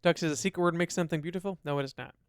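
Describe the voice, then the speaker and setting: Recorded dry and clean on a studio dynamic mic, a podcast co-host with a fairly high, smooth voice speaks rapid-fire. He reads listener comments aloud and casually chats about them.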